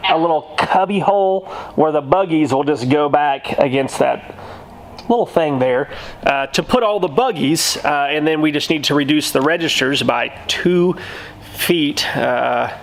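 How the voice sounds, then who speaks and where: A man co-hosting a casual vlog, explaining practical plans for his own shop with frequent pauses. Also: on the high side, vocal fry, slight background noise, low-quality recording. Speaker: vlog co-host, store co-owner. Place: inside a small retail store.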